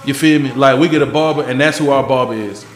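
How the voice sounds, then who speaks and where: Animated storytelling man in an echoey room. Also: medium pitch, fast, faint music behind. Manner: animated, swears freely, acts out other people in stories. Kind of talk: casual storytelling banter.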